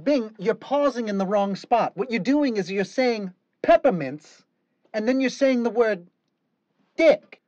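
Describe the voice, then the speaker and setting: A woman's voice: mid-range voice, expressive, unhurried, hardly any pauses, dark tone, no echo, highs cut off, lightly acted. A woman directing a recording session, exasperated and correcting the singer again and again.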